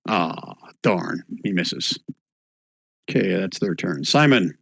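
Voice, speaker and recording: A man running a tabletop game online as dungeon master, relaxed and thinking aloud as he rules. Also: low-pitched, slow, vocal fry, slightly rough, no echo.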